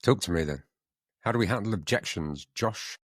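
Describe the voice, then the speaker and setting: A man with a very low, deep voice talks in a casual podcast. His manner is blunt and wry, with easy swearing. The sound is dry and close. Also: animated, normal speed, slightly rough, no echo. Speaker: podcast co-host.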